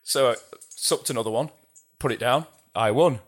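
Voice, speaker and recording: Man, middle-aged, mid-pitched voice, lively anecdotes, casual swearing. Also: normal speed, breathy edge. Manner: animated storyteller, swears casually, laughs mid-sentence. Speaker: guest, metal drummer. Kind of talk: casual interview storytelling.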